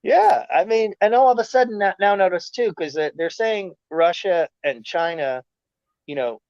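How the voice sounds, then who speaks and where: A man talking as a podcast guest in a rambling, animated rant, often slipping into mocking quoted voices. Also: high-pitched, normal speed, no room sound, lo-fi sound. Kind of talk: casual chat.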